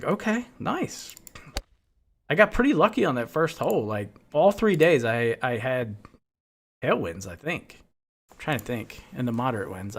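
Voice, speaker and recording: A man of ordinary pitch chats casually while he plays a game on stream. He tells long, rambling stories and swears freely along the way. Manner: profane, rambling storytelling. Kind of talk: casual chat while playing.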